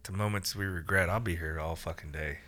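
A man's voice: low-pitched, a little fast, pushed and bright. A man co-hosting a casual podcast, dropping dry, wry remarks and swearing freely. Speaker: podcast co-host. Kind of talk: casual profane chat.

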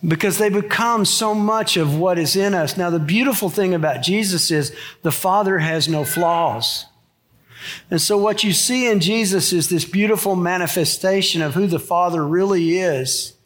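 Speaking at normal speed in a high, somewhat bright voice, a middle-aged pastor gives a sermon in the church sanctuary. He talks conversationally and makes joking asides to those gathered.

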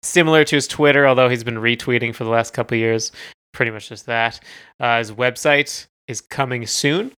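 A man's voice: mid-range voice, fairly quick, sharp tone, smooth, dry recording. A man co-hosting a music review podcast, talking casually and searching for words as he goes. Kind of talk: casual chat.

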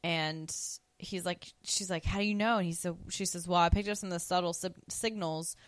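A woman's voice: fairly low pitch, steady tone, a little fast, no room sound. A woman co-hosting a podcast, casually recapping a TV episode and acting out the characters' lines. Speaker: podcast co-host.

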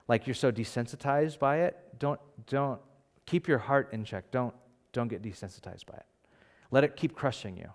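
Guy pastor giving a sermon, chatty, animated, acts out bits of the story. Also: mid-range voice, clean tone. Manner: animated, acts out crowd voices, conversational with fillers.

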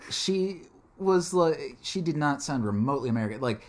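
A man's voice: fairly high pitch, lively intonation, normal speed, very noisy. A man in casual chat, rambling and joking, swearing now and then as he talks through a film.

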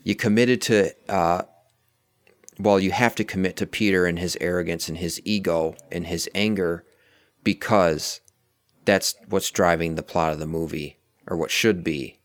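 A man's voice: low-pitched, steady tone, measured pace, no room sound. A man talking casually about a movie, rambling and correcting himself as he picks apart its plot. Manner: rambling, self-correcting, analytical. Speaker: film review co-host. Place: outdoors near a street.

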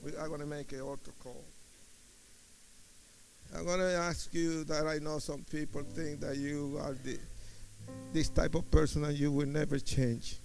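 High-pitched man, gravelly, slow, impassioned sermon testimony, hushed to shouting. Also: level tone, soft background music. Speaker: preacher giving testimony.

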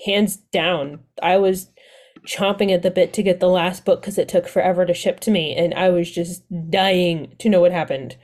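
A woman's voice: lowish voice, fairly even intonation, moderate pace, a little mellow. A woman co-hosting a podcast, chatting casually and gushing enthusiastically about books she loved, often laughing. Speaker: podcast co-host.

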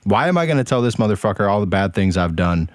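A man's voice: fairly low pitch, very animated, quick pace, dry recording, studio quality. A man co-hosting a podcast in casual chat, with crude, joking remarks. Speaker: podcast co-host.

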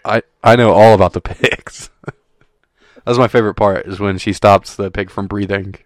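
A man's voice: lowish voice, fairly even intonation, moderate pace, no room sound, studio quality. A man co-hosting a podcast in casual chat, chatty and amused, laughing often. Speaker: podcast co-host.

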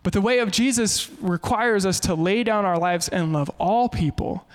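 A man in his thirties preaching a sermon as pastor, animated and mixing in humorous stories. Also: sits high, moderate pace.

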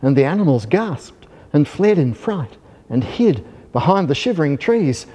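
A man reads a children's storybook aloud in a soft, gentle and measured voice. His tone is mellow and dark, and a long hall reverb trails after each phrase. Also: a little high, very animated.

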